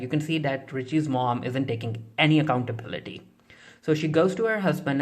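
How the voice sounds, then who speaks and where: A casual, chatty reviewer walking through a TV episode with plenty of fillers and restarts. The voice sits at a middling pitch and keeps slipping into retold dialogue between characters. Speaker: TV show reviewer. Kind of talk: casual spoken episode recap.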